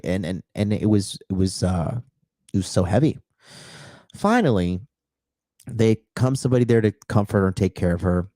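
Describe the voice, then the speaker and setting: A man's voice: deep voice, warm tone, no echo, studio quality. A dating coach telling a personal story to his viewers in a profane, emphatic way. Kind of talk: casual storytelling monologue.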